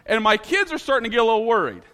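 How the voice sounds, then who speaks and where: A man from Ohio telling a personal story in an animated, dramatic way, laughing at himself as he goes. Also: very high-pitched, very fast, big-room sound.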